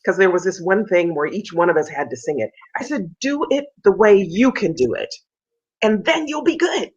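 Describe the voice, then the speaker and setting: A woman's voice: fairly low pitch, a little fast, slightly rough. A woman, a soprano interviewed on a video call, telling a story and acting out the lines of the people in it. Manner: animated storyteller, acts out quoted lines in a raised voice. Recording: dull lo-fi sound.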